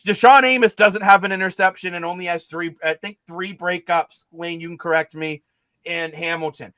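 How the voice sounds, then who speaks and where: A man with a high voice delivers heated sports talk, pressing each point with emphatic frustration. The sound is dry and close, with no room behind it. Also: bright, forceful tone, no room sound. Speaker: sports talk show co-host.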